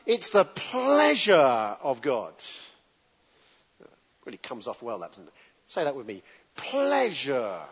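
A man preaching a sermon in a relaxed, conversational way, often asking the congregation to join in and answer back. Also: mid-range voice, measured pace, pauses often, slightly rough. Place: church hall with congregation. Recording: dull lo-fi recording with long hall reverb.

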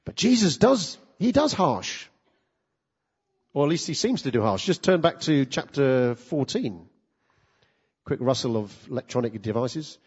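Animated preacher in a reverberant hall. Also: male voice, mid-range voice, unhurried, pauses often, slightly rough, highs cut off. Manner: animated, talks to the congregation with rhetorical questions. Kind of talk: sermon.

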